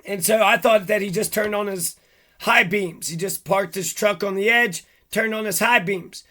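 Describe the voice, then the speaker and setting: A man's voice: sits high, moderate pace, sharp tone. A man talking alone to his audience in an agitated, rambling, heavily profane rant. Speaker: vlogger. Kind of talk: monologue to camera.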